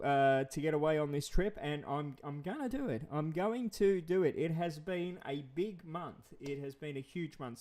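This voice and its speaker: Guy rambling on his live stream, a bit high, out of breath from flu, lots of uhs. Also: a little mellow. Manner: rambling, with many fillers and restarts. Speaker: channel host. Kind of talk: casual live stream chat.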